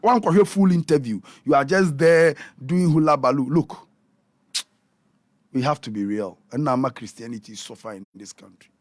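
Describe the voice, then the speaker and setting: A Ghanaian man, a prophet who guests on a radio talk show, preaching in a lively way and switching between Twi and English. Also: mid-range voice, normal speed, no room sound, studio quality. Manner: animated, mixes Twi and English, acts out quotes.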